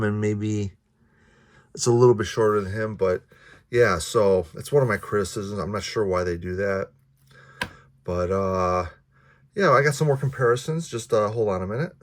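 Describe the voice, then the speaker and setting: Rambling, low-voiced man reviewing toys. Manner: rambling, halting, many restarts and fillers; offhand, mildly profane. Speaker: toy reviewer. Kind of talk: casual unscripted review.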